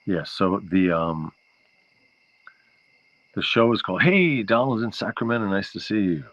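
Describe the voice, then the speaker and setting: At a measured pace, a man with a fairly low, expressive voice and a fairly bright tone chats casually with his livestream audience from home, near the porch. He rambles and keeps getting pulled into side remarks. His laptop mic yields a dull, lo-fi recording.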